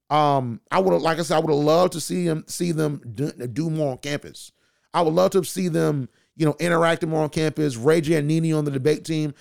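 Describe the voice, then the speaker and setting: A man hosting a podcast, giving an animated casual recap of a TV show, often restarting his sentences. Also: on the high side, gravelly. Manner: animated, frequent restarts and "you know what I'm saying". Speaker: podcast host reviewing a TV show. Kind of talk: casual solo commentary.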